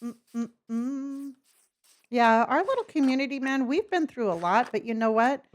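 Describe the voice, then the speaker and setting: A woman with a high, brisk voice and wide pitch swings chats casually with her live stream viewers. She's from California, and her mostly neutral Californian accent carries a faint Southern lilt. Friendly and talkative, she addresses both her pets and the chat.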